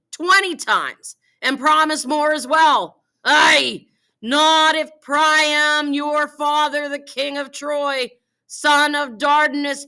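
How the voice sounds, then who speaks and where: A woman voicing a merciless warrior man, declaiming slowly and with scorn in a classroom. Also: sits high, pushed and bright, pitched above the performer's own voice, heavily acted.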